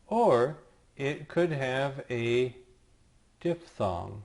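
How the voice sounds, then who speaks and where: Slow, patient male language teacher. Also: medium pitch, expressive, darkish tone. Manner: self-deprecating asides. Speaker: Greek teacher. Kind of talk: recorded lecture.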